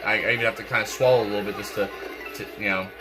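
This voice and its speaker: Game music runs behind a young gaming channel host whose lowish voice moves very fast with fairly even intonation. Congested and clearing his throat, he rambles through laid-back commentary full of fillers and repeated words.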